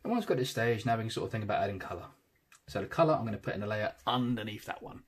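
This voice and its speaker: Husky man talking through a drawing tutorial. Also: fairly low pitch, animated, rapid-fire. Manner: casual, thinks aloud, trails off softly. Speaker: tattoo artist teaching digital drawing. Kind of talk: relaxed real-time drawing tutorial.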